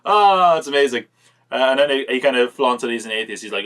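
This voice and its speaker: A man's voice: medium pitch, animated, quick pace, fairly bright tone. A man hosting a podcast, reviewing films in casual chat, rambling and acting out quotes as he retells scenes. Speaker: podcast host.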